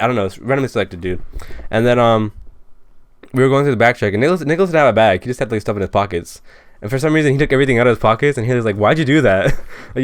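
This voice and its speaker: An eighteen-year-old man co-hosting a casual podcast, telling profane stories at a rapid clip. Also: fairly low pitch, smooth, dry recording. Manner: rapid, profane anecdotal storytelling. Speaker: podcast co-host.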